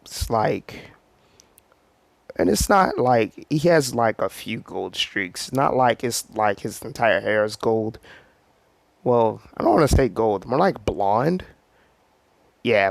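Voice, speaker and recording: A man's voice: fairly low pitch, gravelly, no room sound. A man casually telling a made-up story, rambling with lots of fillers. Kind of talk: casual fan-fiction storytelling.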